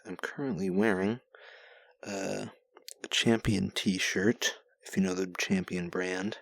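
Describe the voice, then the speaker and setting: A man's voice: sits low, steady tone, takes it slowly, gravelly, a bit bright, dry recording. A man hosting his own podcast, rambling in a crude, joking way while recovering from a sinus infection. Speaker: podcast host. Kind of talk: casual solo podcast monologue.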